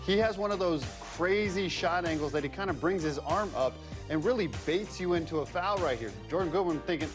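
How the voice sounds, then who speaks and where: A man's voice: a little high, expressive, fairly quick, hardly any pauses, over music. Male ex-player breaking down game film. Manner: explanatory, conversational, a bit jokey. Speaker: basketball analyst and former player. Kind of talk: studio film breakdown commentary.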